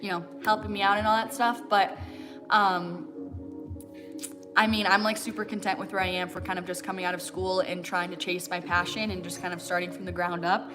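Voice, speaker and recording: Over music, an American woman in her twenties hosts a fitness livestream, speaking briskly in a level tone with a lowish voice. She chats casually and answers viewer questions, laughing often and filling her speech with fillers and "like."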